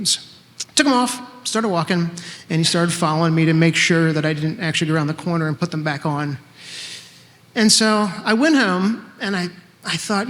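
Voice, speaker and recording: A man's voice: high-pitched, fairly quick, fairly bright tone, long reverb tail. A man in his fifties telling a true story on stage in a conversational, wry way, acting out bits of dialogue. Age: 50s. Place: live event stage in a hall.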